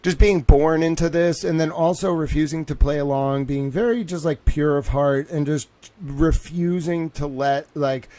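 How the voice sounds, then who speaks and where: A man with a slightly high voice, ranting on a stream. He swings from low, muttered asides to loud, heated outbursts and laughs often. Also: moderate pace. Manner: animated, swings between muttering and shouting. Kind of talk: casual rant.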